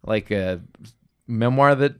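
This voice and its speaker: A man's voice: medium pitch, slow pace, clear, resonant tone, muffled recording. A man hosting a podcast in casual chat, thoughtful and often searching for his words. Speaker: podcast host.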